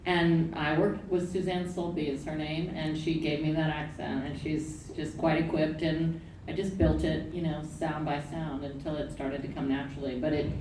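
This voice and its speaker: Low-voiced southern-raised woman, lively stories, roomy noisy theater sound. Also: moderate pace. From New Orleans, US South. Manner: animated, laughing storyteller. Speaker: actor on a panel. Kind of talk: casual panel talk. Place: theater stage. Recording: echoey theater, distant mic, noisy.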